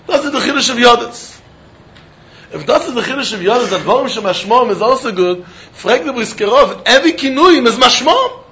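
High-voiced man giving a Talmud class. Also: animated, brisk, sharp tone, lo-fi sound. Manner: Yiddish-laced English, chanting question-and-answer. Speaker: Talmud teacher. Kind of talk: Talmud lecture.

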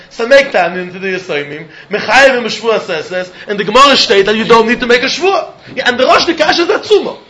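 A man explains a Talmud passage in a lilting, repetitive sing-song. His voice sits high for a man and sounds bright and forceful. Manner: sing-song, repeats key points, mixes in Hebrew and Yiddish terms. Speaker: Talmud teacher. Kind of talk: Talmud lesson.

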